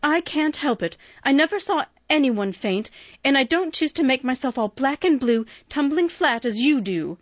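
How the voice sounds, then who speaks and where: A woman voicing a spoiled, self-important young girl in a storybook, with a high, fussy, affected manner. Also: animated, moderate pace, dry recording, muffled recording.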